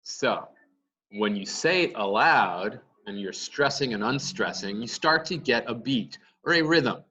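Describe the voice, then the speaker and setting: A man's voice: mid-range voice, lively intonation, a little slow, pushed and bright, far from the mic, muffled recording. A male teacher giving a lecture, explaining step by step and answering his own questions. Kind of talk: classroom lecture.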